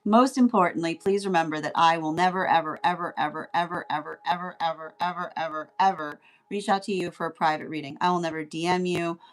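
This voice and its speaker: Rambling, low-voiced woman tarot reader. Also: steady tone, brisk, few pauses. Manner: rambling, repeats "right?", often laughs. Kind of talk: casual spoken tarot reading.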